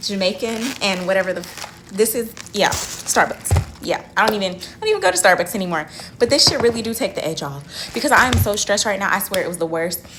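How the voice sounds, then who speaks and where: A young woman vlogging from her car, telling a dramatic story in a casual, animated way and swearing freely. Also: medium pitch, noisy background.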